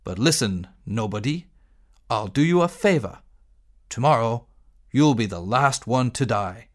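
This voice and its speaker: A man's voice: mid-range voice, lively intonation, pitched below the performer's own voice, close to an everyday voice. A man reading as a menacing one-eyed monster. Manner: slow, deliberate reading.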